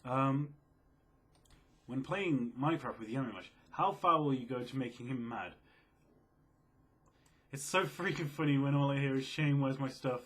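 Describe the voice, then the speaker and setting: Quiet, mellow young man. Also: normal speed, pauses often. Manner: quiet, low-key, self-described mellow and sleepy. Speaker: video creator answering viewer questions. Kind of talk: casual Q&A chat.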